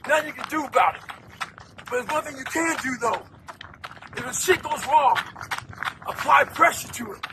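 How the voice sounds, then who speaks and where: A man's voice: extremely high pitch, vocal fry, noisy background. A man giving a blunt, intense motivational talk, commanding and full of profanity. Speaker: motivational speaker.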